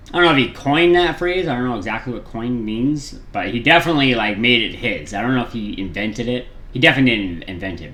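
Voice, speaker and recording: A man's voice: mid-range voice, fairly bright tone. A man hosting a reaction video, chatting casually in a rambling way with lots of fillers and restarts. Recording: roomy echo.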